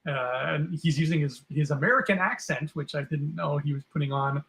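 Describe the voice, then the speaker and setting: A man chatting casually on a podcast, his voice sitting a touch high with a bright, sharp edge. He tells stories with animation and slips into goofy voices when he quotes someone. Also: a little fast, creaky. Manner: animated storytelling, jumps into silly voices for quotes. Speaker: podcast co-host. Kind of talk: casual chat.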